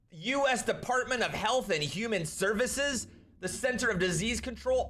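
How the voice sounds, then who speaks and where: A young man hosting a live stream, ranting and commenting on a clip, swinging between loud outbursts and quieter asides. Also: high-pitched. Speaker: streamer host.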